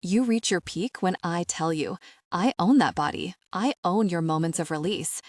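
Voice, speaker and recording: A woman narrating an audiobook voices a confident adult male lover on the phone, speaking slowly in a low, coaxing, commanding way. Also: no room sound, clean studio sound, close to an everyday voice. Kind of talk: audiobook character voice.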